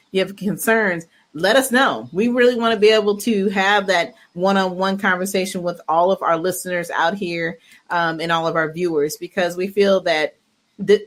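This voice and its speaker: A woman's voice: lowish voice, fairly bright tone. A woman co-hosting a casual podcast, upbeat and talkative, with many fillers and restarts. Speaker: podcast co-host.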